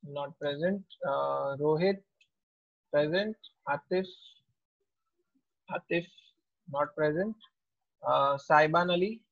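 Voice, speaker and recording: A man, a teacher taking attendance in an online class in a slow, unhurried way. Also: on the high side, vocal fry. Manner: slow, unhurried roll call. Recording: tinny, phone-like audio.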